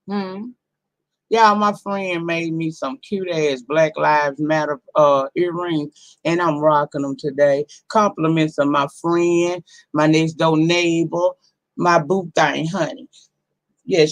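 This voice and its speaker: A hoarse, deep-voiced woman in her forties, roughened by a cold, chats with her live-stream audience from home on a simple setup. Sassy, salty and profane, she talks straight to the chat, calling viewers honey and girl.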